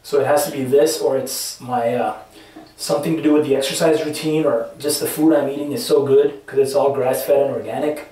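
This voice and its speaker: A man's voice: mid-range voice, fairly even intonation, a little fast, mellow. A man vlogging from an ice bath in his bathroom, shivering and breathing heavily, rambling and swearing as he talks himself through the cold. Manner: rambling, profane, self-talk between gasps. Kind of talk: casual vlog narration. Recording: echoey bathroom, mic at a distance.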